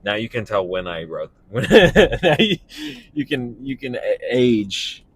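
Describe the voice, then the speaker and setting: A young man, a stand-up comedian, talking casually and animatedly while driving, breaking into laughs and quick voices. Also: lowish voice, husky, no echo. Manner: animated, laughing, jumping into impressions. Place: car.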